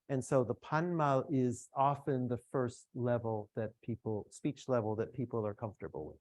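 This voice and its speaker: A man's voice: mid-range voice, darkish tone, dry recording. A middle-aged man giving a lecture in a room, talking in a conversational way with asides to the audience. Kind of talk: academic lecture.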